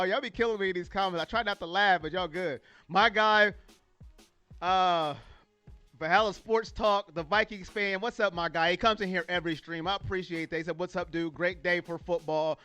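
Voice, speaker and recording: Reading chat comments on his sports fan livestream, a Californian greets viewers, laughs readily, and speaks casually with plenty of emotion. His voice sits high, sharp yet clear and resonant.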